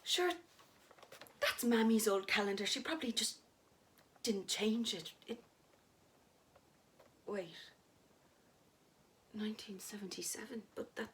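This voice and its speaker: A woman's voice: medium pitch, slow, pauses often, fairly bright tone, slight background noise. A woman doing a frightened Dublin wife. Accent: Irish, Dublin. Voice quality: breathy, often whispered. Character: frightened young Irish wife, tearful. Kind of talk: dramatic story reading.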